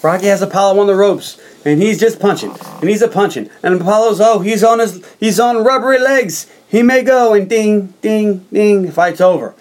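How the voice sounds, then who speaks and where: A man's voice: sits high, normal speed, hardly any pauses, darkish tone. A man hosting a casual podcast chat, animatedly retelling film scenes for his co-hosts. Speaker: podcast host.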